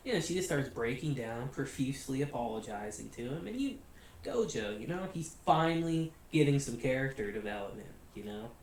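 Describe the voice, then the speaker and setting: An American man hosting a casual anime review, chatty and relaxed, laughing often and filling gaps with "you know" and "like". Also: mid-range voice, distant mic. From United States. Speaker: anime reviewer, channel host. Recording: very echoey room, voice off-mic, faint hiss.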